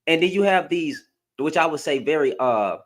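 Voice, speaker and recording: A woman's voice: deep voice, expressive, normal speed. A woman hosting a livestream, giving blunt, heated reaction commentary and often repeating her phrases. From United States. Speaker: livestream host.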